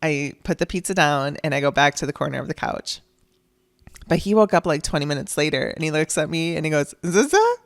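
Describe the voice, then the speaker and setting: A woman's voice: deep voice, fairly even intonation, fairly quick, vocal fry, no echo, clean studio sound. A middle-aged woman hosting a podcast, telling a personal story in a chatty, emotional way and laughing through tears. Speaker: podcast host.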